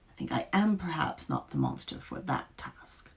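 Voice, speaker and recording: A woman's voice: extremely low pitch, huge pitch swings, moderate pace, creaky, exaggerated voice. A woman voicing a ghoulish beast that speaks with flowery, overly polite courtesy. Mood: eager. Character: courteous, ghoulish beast monster, eager and pompous.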